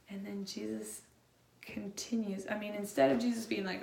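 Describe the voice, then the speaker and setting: A woman's voice: medium pitch, steady tone, normal speed, creaky, darkish tone. A young adult woman preaching a casual, chatty sermon to a congregation, emphatic and slangy. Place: large room with a congregation. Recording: roomy echo, faint room noise.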